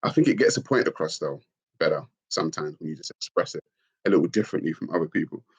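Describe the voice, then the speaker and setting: Animated man ranting on a livestream. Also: quick pace, husky. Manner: expressive, mocking, swings into shrill put-on voices. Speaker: livestream host. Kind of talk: animated live-stream rant.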